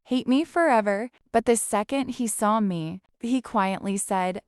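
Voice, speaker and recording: Smooth-voiced woman telling a confessional story. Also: mid-range voice, a little slow, hardly any pauses, a little mellow, no room sound, studio quality. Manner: emotional, confessional. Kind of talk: first-person story narration.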